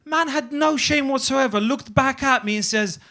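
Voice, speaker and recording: A man's voice: very high voice, normal speed. A young man performing a stand-up comedy set on a club stage, telling stories and acting out the people in them. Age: young adult. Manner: animated storytelling, acts out quoted voices.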